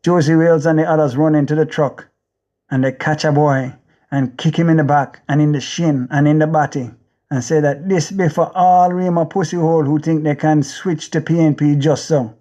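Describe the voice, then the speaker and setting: A man's voice: fairly high pitch, fairly even intonation, normal speed, warm tone. A man with a Jamaican accent narrating an audiobook in the first person, intense and rhythmic, with driving repetition.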